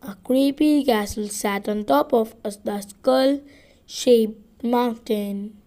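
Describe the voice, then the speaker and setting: Woman reader for a children's story: higher pitch, unhurried, careful, rereads stumbles. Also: dark tone. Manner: slow and deliberate, with rereads and self-corrections. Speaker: audiobook reader. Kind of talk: reading a children's book aloud.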